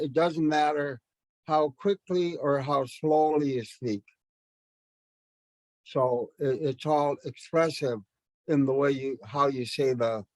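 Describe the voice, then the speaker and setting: A man's voice: a little high, a little mellow, dry recording. A man teaching a language class to educators, speaking thoughtfully with many fillers and restarts. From Canada.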